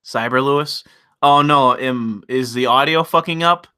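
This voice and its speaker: A man's voice: medium pitch, a little slow, sharp tone, smooth. Brash, profane male streamer. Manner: profane, rambling, mocking. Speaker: livestream host. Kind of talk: casual ranting commentary.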